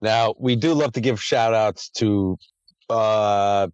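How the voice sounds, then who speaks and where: A man's voice: fairly low pitch, fairly even intonation, slow pace, darkish tone, clear, resonant tone, dry recording, lo-fi sound. A man hosting a podcast in a casual chat, rambling and swearing freely. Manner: crude, profane, rambling. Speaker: podcast host.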